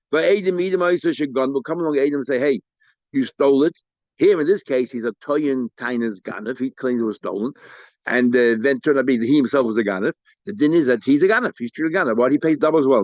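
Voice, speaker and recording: A man teaching a daily Talmud lesson, mixing English with Hebrew and Aramaic study terms and acting out the litigants' lines in quick bursts. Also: mid-range voice, dry recording. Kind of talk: daf yomi Talmud lecture. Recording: dull, lo-fi dry recording.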